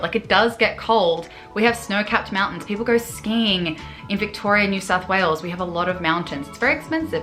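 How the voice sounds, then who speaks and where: A young Australian woman ranting to camera in a vlog, animated and exasperated, with sarcastic asides. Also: mid-range voice. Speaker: vlogger.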